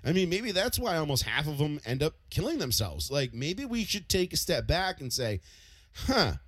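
A man co-hosts a loose, profane podcast chat, acting out other people's angry words as he goes. His voice is bright and a little high. The sound is close and dry. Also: normal speed, dry recording. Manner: animated, swears a lot, acts out angry quotes. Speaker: podcast co-host.

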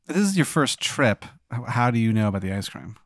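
A man playing his character in a comedic role-play game, incredulous and deadpan, full of questions. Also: medium pitch, brisk, no echo, clean studio sound. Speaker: player.

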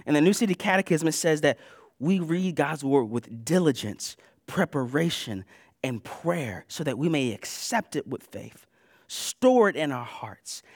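A man preaching a sermon in a casual, conversational way, moving between loud bursts and hushed asides. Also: on the high side, no echo, clean studio sound. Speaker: pastor.

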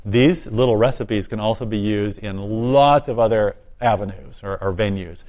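A man's voice: lowish voice, normal speed. Earnest older-sounding man sharing his faith. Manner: earnest, enthusiastic, speaks warmly of faith. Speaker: guest, ministry volunteer and author. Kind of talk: interview conversation.

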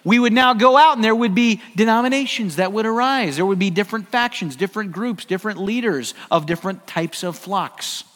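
High-voiced American pastor preaching. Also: male voice, a little fast, hardly any pauses, a bit bright, long reverb tail. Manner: conversational, joking, emphatic. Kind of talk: sermon. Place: church sanctuary.

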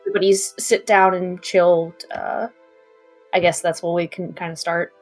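A woman playing in a tabletop game, playful and quick to laugh. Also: on the low side, flat delivery, darkish tone, breathy edge, soft background music. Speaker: player. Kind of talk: tabletop role-play chat.

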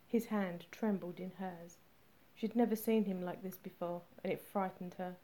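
A woman narrating an audiobook chapter in a soft, low-key way. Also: steady tone, normal speed.

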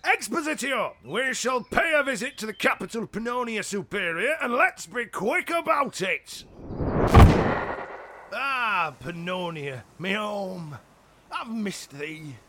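A man's voice: very high voice, big pitch swings, moderate pace, few pauses, pushed and bright, a little hiss or hum, exaggerated voice. A man voicing a hot-tempered Roman emperor in a comedy sketch, with petulant, theatrical outbursts. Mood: excitable.

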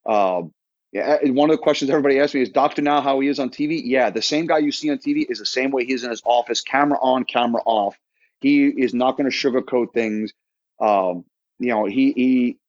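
A man's voice: mid-range voice, darkish tone, dry recording. Man, thirties, podcast guest, rambling, restarts, quotes people, dull dry audio. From Florida, United States. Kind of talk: casual conversational storytelling.

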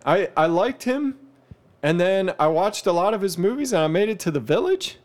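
A man in casual chat, an animated storyteller who laughs often. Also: high-pitched, normal speed.

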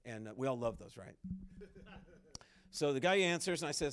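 A man speaking at a conference in a conversational, animated sermon style, acting out quoted dialogue as he tells a story. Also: fairly high pitch, a little fast. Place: conference hall stage.

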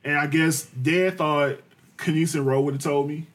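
A man co-hosting a podcast, telling family stories in a casual, animated way, swearing freely and laughing often. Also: a little high, unhurried. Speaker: podcast co-host. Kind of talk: casual chat.

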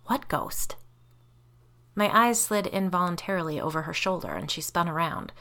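A woman's voice: fairly low pitch, a little fast, a bit bright. A woman giving wry, conversational first-person audiobook narration.

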